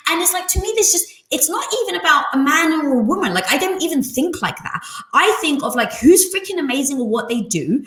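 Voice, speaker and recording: A woman's voice: high-pitched, lively intonation, fast talker, fairly bright tone, echoey room. A woman entrepreneur as an interview guest, talking candidly and emphatically in casual conversation.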